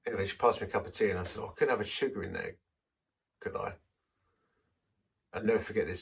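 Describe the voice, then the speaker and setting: A man's voice: lowish voice, a little fast, gravelly, pauses often, a bit bright, recorded from a distance, a little hiss or hum. A man who is a vicar, telling a story in a sermon in a self-deprecating, anecdotal way and acting out the quotes.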